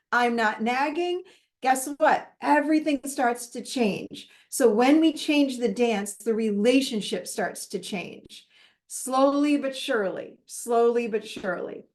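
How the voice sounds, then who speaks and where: A woman with a somewhat high voice teaches like a relationship coach. She is animated and chatty and mixes personal anecdotes into the lesson. Her sentences restart often, the way someone talks off the cuff. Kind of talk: casual teaching talk.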